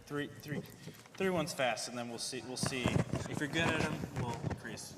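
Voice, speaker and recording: A man's voice: medium pitch, moderate pace, long reverb tail, very noisy. A man running a tongue-twister game at a live event, laughing and easygoing. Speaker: game host.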